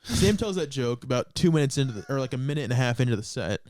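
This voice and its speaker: A man's voice: medium pitch, expressive, quick pace, a little mellow, dry recording. A young man co-hosting a podcast, casually and animatedly retelling a story with bursts of laughter. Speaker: podcast co-host.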